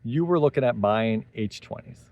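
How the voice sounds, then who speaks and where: A man's voice: mid-range voice, expressive, moderate pace, muffled recording. A man hosting a solo tech commentary, talking animatedly with sarcastic asides and tangents. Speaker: tech commentary channel host.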